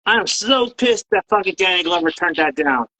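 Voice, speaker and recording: A man's voice: high voice, expressive, normal speed, pushed and bright. A man co-hosting a podcast, joking and swearing in casual banter. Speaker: podcast co-host. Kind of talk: casual chat.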